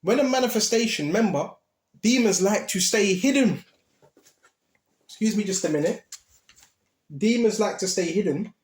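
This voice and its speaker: A man's voice: high voice, lively intonation, moderate pace, long pauses. A man giving an informal Bible teaching in a conversational way, reading scripture aloud and often checking in with the listener. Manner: conversational, reads scripture aloud, often asks "right?" and "okay?". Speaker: preacher. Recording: roomy echo.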